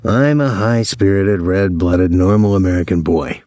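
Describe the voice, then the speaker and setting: A man voicing a defiant teenage boy who answers with calm, mocking sarcasm. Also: sits low, moderate pace, no room sound, lightly acted. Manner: mocking, placid, dry sarcasm.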